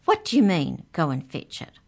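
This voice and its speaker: A sharp-tongued young girl in a children's story, put on by a woman narrator. She is bossy and snaps impatiently. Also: deep voice, wildly swooping pitch, normal speed, creaky, full character voice. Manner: snappy and impatient.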